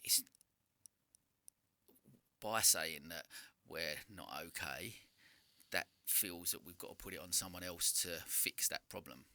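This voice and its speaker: A British man hosting a podcast, asking long, searching questions with halting restarts. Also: sits low, pushed and bright. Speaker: podcast host. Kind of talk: casual podcast interview.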